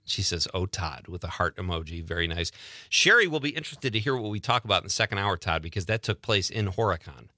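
A man with a Wisconsin accent hosts a casual radio talk show, reading listener messages and spinning jokey stories in an animated way. He talks fast in a low voice. The sound is clean studio audio with no room sound.

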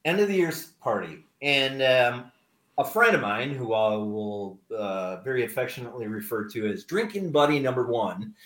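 A man's voice: mid-range voice, expressive, normal speed, a bit bright, reverberant. A middle-aged man, a guest telling stories in casual radio chat with dry, self-deprecating humor. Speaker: guest writer.

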